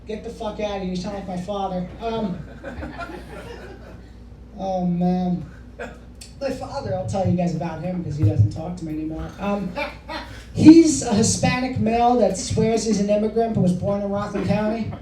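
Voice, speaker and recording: A man's voice: high voice, moderate pace, long pauses, a crowd in the background. A man doing a stand-up comedy set in a bar, rambling and self-deprecating and swearing freely. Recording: echoey room from far off, faint noise.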